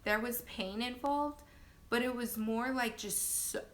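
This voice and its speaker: A young woman casually telling her birth story on a phone live stream, chatty and laughing often, acting out quotes in sudden loud high bursts. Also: measured pace. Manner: laughs often, many fillers.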